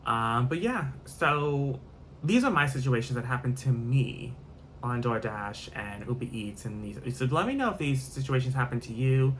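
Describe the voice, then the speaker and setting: A man's voice: medium pitch, expressive, moderate pace, slight background noise. A man telling a rambling story-time vlog, repeating himself and swearing freely. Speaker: vlogger.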